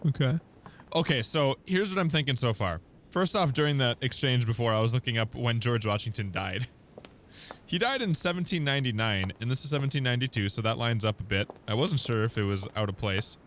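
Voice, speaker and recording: A man's voice: mid-range voice, expressive, a little fast, fairly bright tone, slight background noise. A chatty young man giving let's play commentary on a video game, laughing often. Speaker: gaming YouTuber.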